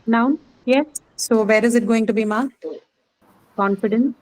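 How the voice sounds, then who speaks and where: A woman teaching word stress to a class, repeating each word slowly and quizzing her students patiently. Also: a little high, darkish tone, low-quality recording. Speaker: English teacher.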